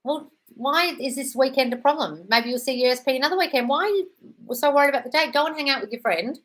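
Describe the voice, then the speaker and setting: A woman's voice: sits high, quick pace, fairly bright tone. A young British woman hosting a casual live Q&A, blunt and swearing freely, calling listeners darling. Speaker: host answering viewer questions.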